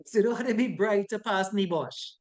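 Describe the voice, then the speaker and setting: Woman, safety course instructor, mid-pitched voice, loose chatty lecture, keeps asking "right?". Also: fairly quick. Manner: chatty, rhetorical questions, frequent "right?" tags. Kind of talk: informal classroom lecture.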